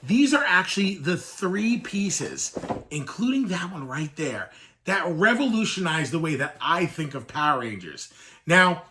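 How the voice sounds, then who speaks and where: There's noise in the background as a Northeastern US toy collector in his thirties talks to camera among his collected toys. His slightly high voice is very animated yet measured in pace, and his rambling, wistful childhood story chokes up at points.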